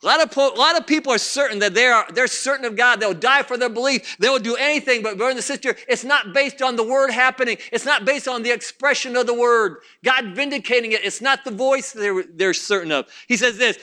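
A man's voice: very high voice, fairly quick, few pauses, sharp tone. A man preaching a sermon, fervent and repetitive, talking straight to his congregation.

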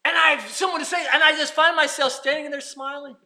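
A man preaching a sermon, dropping to hushed asides and rising to shouted emphasis. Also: very high voice, fairly even intonation, fast talker.

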